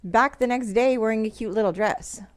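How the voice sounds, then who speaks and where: A woman's voice: fairly high pitch, normal speed. A woman co-hosting a podcast who chats casually while recapping a TV show, giggling often as she tells it. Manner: giggly, chatty, animated storytelling. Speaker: podcast co-host.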